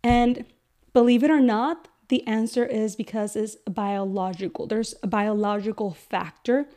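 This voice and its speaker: Woman podcast host with a slightly high voice, earnest teaching manner, acts out examples. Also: steady tone, measured pace, warm tone. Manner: earnest, repeats words for emphasis, acts out quoted examples. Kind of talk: educational podcast talk.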